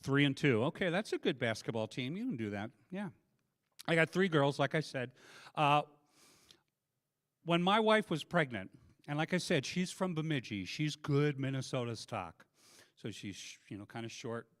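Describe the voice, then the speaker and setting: A male stand-up comedian with a slightly high voice speaks at normal speed during a set on a live comedy stage. Holding a handheld microphone, he tells animated stories at his own expense.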